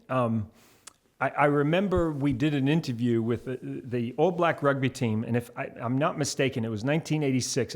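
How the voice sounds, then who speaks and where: A man in his fifties with a New Zealand accent, a guest on an interview show, telling lively anecdotes and slipping into voices. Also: mid-range voice. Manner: animated storyteller, slips into voices. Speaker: guest, television host.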